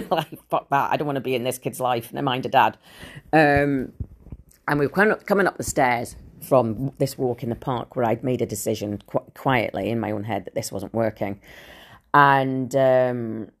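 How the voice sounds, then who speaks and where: A woman's voice: rumbling low, normal speed. A woman telling a personal story on her podcast, casual, blunt and full of swearing and fillers. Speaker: podcast host.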